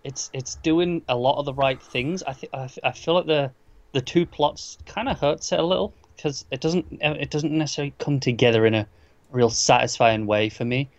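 A man in a casual film discussion who speaks haltingly, repeating words before he finishes a thought. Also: medium pitch, no room sound, lo-fi sound. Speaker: film reviewer.

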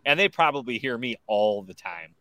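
A man speaks as a guest in a casual podcast chat, recorded outdoors in a yard. His talk is animated and full of swearing, with "like" in almost every sentence. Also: medium pitch, normal speed, a crowd in the background, rough recording. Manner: animated, heavy swearing, lots of "like". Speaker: guest musician.

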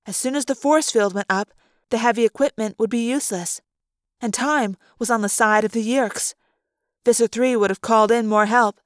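A woman narrating a novel in the first person, calm and steady, in a fan audiobook. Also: fairly high pitch, dry recording, clean studio sound. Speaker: audiobook reader.

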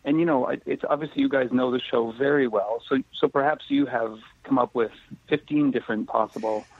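A man's voice: medium pitch, husky, no echo. A man, an actor guest in a casual interview, talking carefully and holding back spoilers. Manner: careful and measured, avoids spoilers. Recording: tinny phone line, dry.

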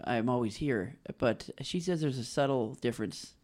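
A man's voice: mid-range voice, moderate pace, a little mellow. A young man from British Columbia, a comedian guest, chatting easily and agreeably and laughing often. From British Columbia, Canada. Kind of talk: casual chat.

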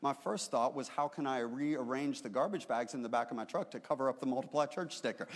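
A male pastor delivers his sermon in a church sanctuary, his voice carrying a long reverb off the hall. He slips easily from casual, chatty storytelling into emphatic, raised preaching. His pitch sits mid-range for a man. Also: brisk, hardly any pauses.

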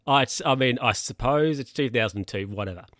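A man's voice: mid-range voice, fairly quick, dry recording, studio quality. A man casually retelling a comedy episode, putting on voices for each character and laughing along. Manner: animated storytelling, acts out characters' lines in voices.

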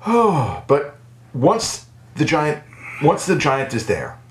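Lively man in an echoey room. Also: a little high. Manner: lively, wry asides and quick agreement. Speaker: podcast co-host. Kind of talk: casual chat recapping a TV episode.

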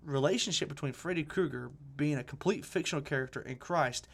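A man's voice: a little high, a little fast, slightly rough. A man co-hosting a casual discussion podcast, talking earnestly with many restarts and fillers. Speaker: podcast co-host.

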